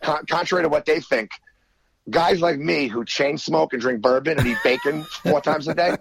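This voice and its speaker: Brief: gravel-voiced comedian, slightly higher pitch, animated rambling storyteller. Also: male voice, normal speed, no echo, low-quality recording. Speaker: comedian guest. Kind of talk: casual podcast chat.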